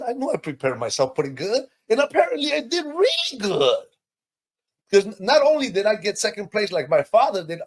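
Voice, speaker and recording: Man telling his story with animated pitch jumps. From Peru. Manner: animated, emotional storytelling with sudden high pitch lifts. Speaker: guest. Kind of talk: personal testimony in conversation.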